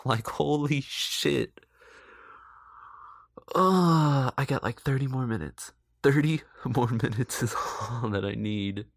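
Man, sarcastic film commentary, profane, laughs a lot, gravelly, dry. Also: mid-range voice, slow pace, dry recording. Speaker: movie reaction commentator. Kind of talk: casual film review commentary.

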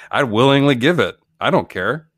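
A man's voice: medium pitch, expressive, unhurried, fairly bright tone, slight background noise. A man co-hosting a podcast, chatting casually and jokily about a movie, rambling with many restarts. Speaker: podcast co-host. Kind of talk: casual comedic movie chat.

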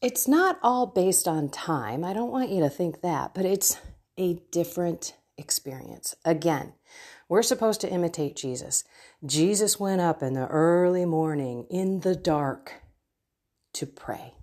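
Low-pitched and darkish in tone, this middle-aged woman speaks expressively at a measured pace. Hosting a devotional podcast as a faith coach, she shares her prayer life in a casual, earnest, personal manner and exhorts her listeners.

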